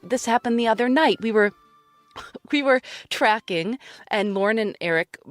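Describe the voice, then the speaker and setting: A woman's voice: on the high side, normal speed, no room sound, soft background music. A woman who hosts a podcast, telling a self-mocking anecdote about recording narration. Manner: animated, self-mocking storytelling. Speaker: podcast host.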